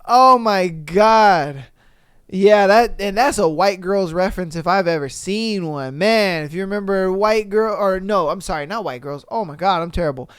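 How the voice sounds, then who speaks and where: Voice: medium pitch, normal speed, clear, resonant tone, no room sound, clean studio sound. A podcast host reads online posts aloud and reacts with slang, swearing and laughter. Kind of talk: casual reaction commentary reading online posts.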